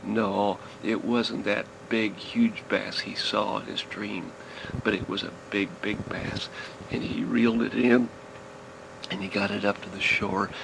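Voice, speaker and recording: A man's voice: lowish voice, fairly even intonation, a little slow, vocal fry. An older man telling a children's story in a folksy, rambling way, often restarting his sentences. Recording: noisy recording, vehicle noise behind.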